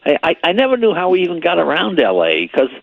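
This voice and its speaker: An older man chatting casually and telling anecdotes, stumbling over his own words and warming up as each story builds. His voice sits at an ordinary pitch. The sound is dry and a little dull. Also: quick pace, gravelly, no echo. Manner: rambling, repeats words, animated when telling a story. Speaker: guest telling stories.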